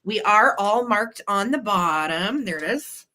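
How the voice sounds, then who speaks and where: A woman's voice: mid-range voice, lively intonation, a little slow, sharp tone, rough recording. A woman hosting a live online vintage sale, chatty and effusive as she shows each item and talks to her viewers. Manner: chatty and effusive, talking straight to the chat. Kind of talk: live online sales pitch.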